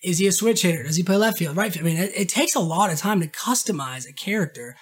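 A man from Maine, hosting a podcast in a casual monologue, rambling and animated, swearing, and acting out quoted remarks in a raised voice. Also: sits high, fast, breathy edge. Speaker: podcast host.

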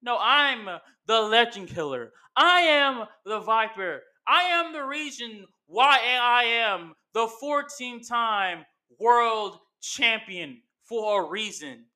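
A man playing a boastful veteran male wrestler, cutting a taunting promo in a higher, bright voice. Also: expressive, takes it slowly, hardly any pauses, exaggerated voice.

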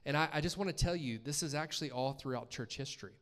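Man, guest preacher, sermon, casual and chatty, questions to the congregation, voice a bit higher than most men. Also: quick pace, a bit bright. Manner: conversational, asks the congregation questions. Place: church.

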